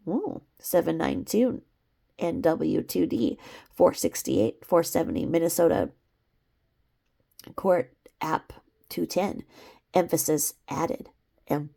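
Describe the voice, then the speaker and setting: In a low, creaky, husky, and mellow voice, a woman reads legal citations from a court filing aloud. She interrupts herself at times to laugh and make sarcastic asides.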